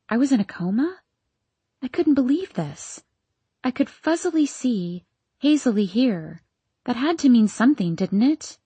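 A woman narrating a novel in the first person, in a hushed, searching and anxious tone, close to the mic. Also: a little high, big pitch swings, measured pace, husky, no room sound. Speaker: audiobook narrator.

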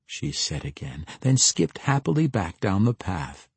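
Husky, expressive male audiobook narrator. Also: deep voice, a little slow, hardly any pauses, no echo. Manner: expressive storytelling. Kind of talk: scripted fantasy narration.

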